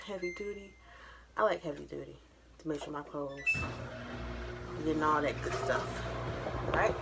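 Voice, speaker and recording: Woman vlogger, chatty and joking, lowish voice, noisy home recording. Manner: chatty, joking, talks to viewers while doing chores. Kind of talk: casual vlog chat. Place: home laundry area.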